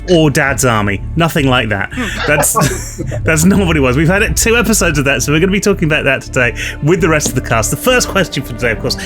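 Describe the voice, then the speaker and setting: A man's voice: a little high, big pitch swings, quick pace, over music. A man hosting a casual behind-the-scenes chat with a cast, jokey and rambling.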